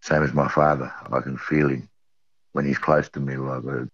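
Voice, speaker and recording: A middle-aged Australian man with a remarkably deep voice tells a personal story in earnest, circling back to repeat his key phrases. The audio is dry and dull, like a lo-fi recording. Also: little pitch movement, normal speed, a bit bright, no echo. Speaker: eyewitness.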